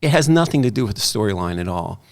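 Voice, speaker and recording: A middle-aged man, an artist and author, talking casually as a guest and telling animated stories. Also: fairly low pitch, fast. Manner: animated storyteller, quoting others in lively voices. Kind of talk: casual conversation.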